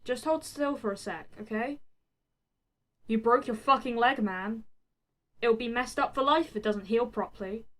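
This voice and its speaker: A man's voice: extremely high pitch, normal speed, pauses often, fairly bright tone. Woman doing a cocky bird-winged hero guy, teasing and slangy, storybook reading. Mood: exasperated.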